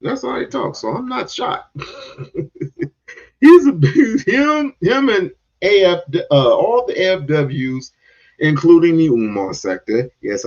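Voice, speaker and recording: A man's voice: a little high, highs cut off. A man giving heated, confrontational reaction commentary, cursing and repeating himself to drive points home.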